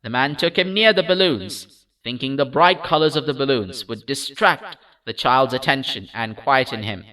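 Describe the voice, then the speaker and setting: A man reading a story aloud as a storyteller, in a measured, expressive scripted narration. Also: medium pitch, recorded from a distance, poor audio.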